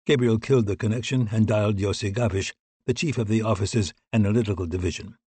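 A man reading a thriller audiobook in scripted narration, steady and even. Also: fairly low pitch, fast, breathy edge, no room sound.

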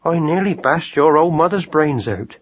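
A man voicing a gentle, good-natured rat-catcher who talks softly and kindly, on a dull lo-fi recording. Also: a little high, lively intonation, normal speed, husky, pitched above the performer's own voice. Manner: soft, friendly.

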